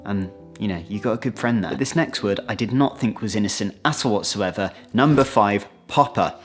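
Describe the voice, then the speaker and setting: A British man talks through a casual vlog in a lowish, chatty voice. He gets animated and acts out quick exchanges as he goes. Soft music plays faintly under him. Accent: British English. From Britain. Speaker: vlogger. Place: outdoors, then moving inside.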